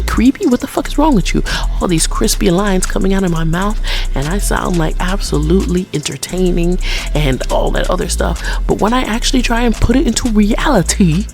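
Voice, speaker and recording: A woman vlogger on an off-the-cuff rant, rambling, swearing freely and putting herself down in a blunt, frank way. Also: medium pitch. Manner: rambling, profane, self-deprecating. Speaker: PNGtuber vlogger.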